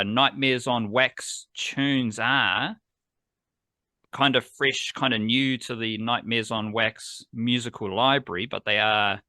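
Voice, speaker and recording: Podcast host, New man, bright tone, dry close sound, rambling and excitable. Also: on the low side, no echo. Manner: rambling, enthusiastic, playful. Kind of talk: casual sports podcast chat.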